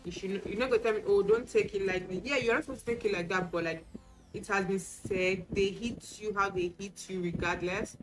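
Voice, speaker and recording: A woman's voice: medium pitch, brisk, low-quality recording. A woman talking casually while getting ready on camera, telling candid personal stories and acting out what people said to her. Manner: chatty, candid storytelling; acts out quoted exchanges. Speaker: beauty vlogger. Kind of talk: casual get-ready-with-me chat. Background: music playing.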